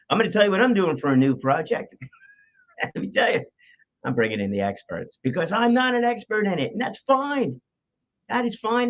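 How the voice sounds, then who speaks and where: Guy hosting a podcast, lively up and down pitch, kinda dull lo-fi sound, jokey and cuts himself off. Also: moderate pace. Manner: playful, self-interrupting, mock radio voice. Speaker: podcast host. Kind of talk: solo podcast talk.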